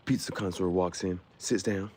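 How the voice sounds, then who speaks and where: A man's voice: low voice, fairly even intonation, fairly quick, a little mellow. Laughing, playful male streamer. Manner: playful, laughs often, riffs on the spot. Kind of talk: casual live-stream chat with viewers.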